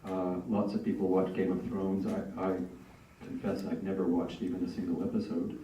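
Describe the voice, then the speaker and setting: A man's voice: sits low, flat delivery, moderate pace, dark tone, slight background noise. A man hosting a literary reading night, chatting casually with many fillers and restarts, recorded from a distance in a large room. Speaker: event host. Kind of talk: casual introductions at a reading event. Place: library reading event. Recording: echoey hall, distant lo-fi mic.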